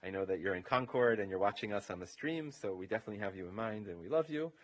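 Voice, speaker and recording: A man's voice: lowish voice, animated, quick pace. Rabbi man giving a rambling eulogy. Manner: informal and meandering, leaning heavily on "you know". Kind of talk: funeral eulogy. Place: funeral home chapel.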